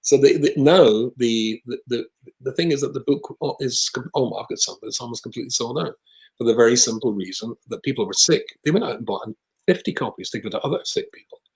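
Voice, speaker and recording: A man with a British accent, a rabbi telling a long personal story in conversation, with lively asides. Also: medium pitch, fast talker, poor audio. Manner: animated anecdotal storyteller with asides.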